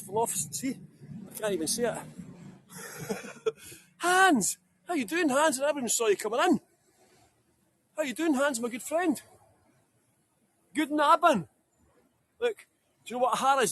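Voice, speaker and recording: A Scottish tour guide leads a live-streamed walking tour outdoors on town streets, chatting and joking as he greets viewers by name. His voice is high-pitched, with slight background noise.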